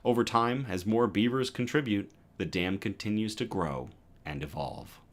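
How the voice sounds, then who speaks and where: A man hosting a news livestream, reading stories aloud and chatting with viewers between them in a lively, self-correcting way. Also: lowish voice, normal speed. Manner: lively, reads chat comments aloud and self-corrects with a laugh. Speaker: news show host.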